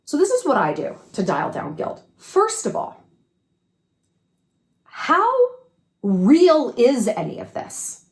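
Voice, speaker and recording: A woman's voice: on the high side, wildly swooping pitch, slow pace, pauses often. A woman giving frank advice in a casual monologue to camera, swearing freely and firing rhetorical questions. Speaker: advice vlogger. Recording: echoey room.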